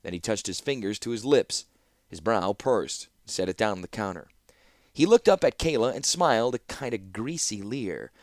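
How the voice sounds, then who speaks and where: Lively low-voiced male audiobook narrator. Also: normal speed, dry recording, clean studio sound. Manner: expressive, storytelling delivery.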